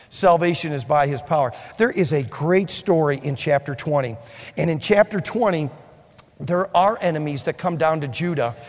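A man preaching a sermon to ministry students, animated and acting out the dialogue of Bible figures. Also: fairly high pitch, in a large hall.

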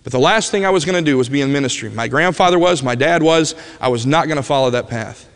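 A man preaching a personal testimony as a vivid storyteller, his voice dropping to a hush at tender moments. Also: fairly high pitch, fast, clear, resonant tone. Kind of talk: emotional sermon storytelling. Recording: long hall reverb.

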